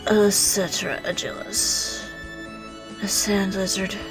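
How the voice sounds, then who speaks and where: A woman voicing a mopey, soft-spoken male demon who speaks sadly, slowly and quietly. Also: medium pitch, flat delivery, over music, lightly acted. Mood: mournful. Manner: sad, slow and quiet.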